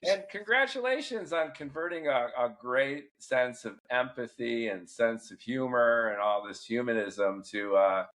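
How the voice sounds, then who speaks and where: A man's voice: mid-range voice, unhurried, few pauses, fairly bright tone. A man hosting a podcast interview, effusive and enthusiastic in casual chat. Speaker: podcast host.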